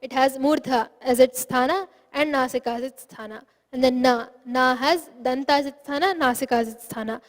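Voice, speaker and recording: High-voiced woman teaching in a reverberant room. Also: normal speed. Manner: patient and explanatory, demonstrates sounds aloud. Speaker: Sanskrit pronunciation teacher. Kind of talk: online lesson. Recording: long reverb.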